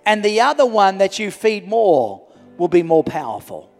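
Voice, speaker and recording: Middle-aged guy preaching, high gravelly voice, loud then quiet, big echoey church, faint music. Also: big pitch swings, normal speed. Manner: impassioned, swings from loud to hushed. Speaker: pastor. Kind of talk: sermon. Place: large church hall. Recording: reverberant church hall with music.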